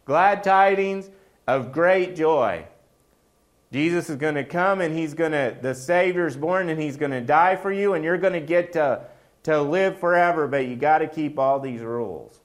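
Casting note: overjoyed angel messenger, put on by a male preacher, high and eager, can't hold in the news. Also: a little slow, natural voice. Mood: excited. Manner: excited, breathless, bursting to share news. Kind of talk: sermon storytelling.

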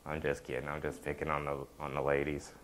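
A man's voice: very deep voice, completely flat delivery, fast talker, a bit bright, slight background noise. A middle-aged man giving a casual, joking sermon as a pastor, often checking in with the congregation by asking "right?".

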